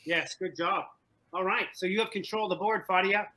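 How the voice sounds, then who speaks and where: A man hosting an online trivia game over a video call, animated and joking, often repeating himself. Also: high-pitched, a little fast, low-quality recording. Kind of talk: playful game-show hosting. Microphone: video call from home.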